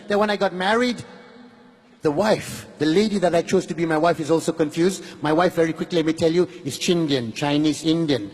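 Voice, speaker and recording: A man in his fifties with a Malaysian English accent, performing animated stand-up comedy and repeating words rapidly. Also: on the high side, breathy edge, in a large hall.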